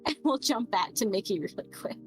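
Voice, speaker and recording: A woman's voice: fairly high pitch, sing-song, brisk, soft background music, rough recording. A young woman narrating a tabletop game as game master, chatty and giggly, with lots of fillers.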